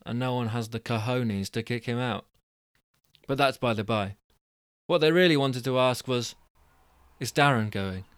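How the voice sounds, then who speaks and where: A man's voice: mid-range voice, clean tone, no echo, clean studio sound. A man who hosts a storytelling show, reading stories aloud and chatting with rambling, self-deprecating asides. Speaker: storyteller and host.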